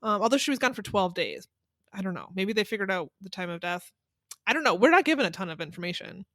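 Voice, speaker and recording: A woman's voice: mid-range voice, big pitch swings, quick pace, a bit bright, dry recording, studio quality. A woman co-hosting a podcast, casually recapping an unsolved mystery, hedging and laughing often. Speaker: podcast co-host.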